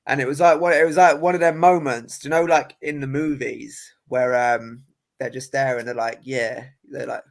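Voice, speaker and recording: A man's voice: mid-range voice, fairly even intonation, moderate pace, creaky. A young man, a boxer telling stories in casual podcast chat, laughing often and restarting his sentences. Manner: laughing, storytelling with many restarts.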